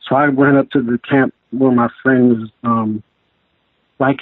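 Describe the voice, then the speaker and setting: Male guest on a phone line, husky voice, dry and tinny sound, halting and rambling delivery. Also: mid-range voice, steady tone, dry recording. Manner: rambling, halting, many restarts and fillers. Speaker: guest telling his encounter. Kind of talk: casual storytelling interview.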